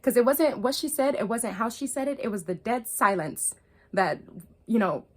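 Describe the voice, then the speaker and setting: A woman talking to camera in a casual storytime vlog. She is loose and chatty, swears freely, fills her talk with "like" and "um", laughs often, and moves between hushed and excited. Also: fairly high pitch, normal speed. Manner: loose, profane and chatty, full of "like" and "um". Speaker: spiritual vlogger.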